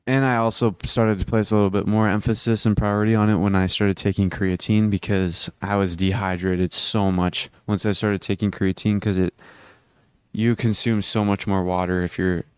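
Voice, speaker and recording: Teenage boy, low and flat voice, smooth clear tone, dry close sound, earnest rambling vlog talk. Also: normal speed, no echo. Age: teens. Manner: rambling, earnest, with frequent restarts. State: hiccuping. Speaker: vlogger. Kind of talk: casual self-improvement vlog.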